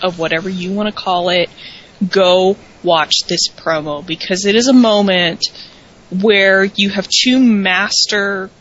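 This podcast co-host has a mid-range, slightly bright voice and recaps wrestling in a casual, enthusiastic chat, repeating words to stress them. The recording sounds dull and lo-fi.

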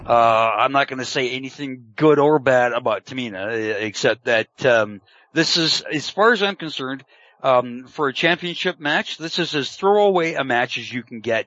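A man's voice: mid-range voice, a bit bright. A man hosting a casual chat, laid-back and chuckling as he leads the discussion. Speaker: podcast host. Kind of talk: casual wrestling prediction chat. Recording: dull lo-fi audio.

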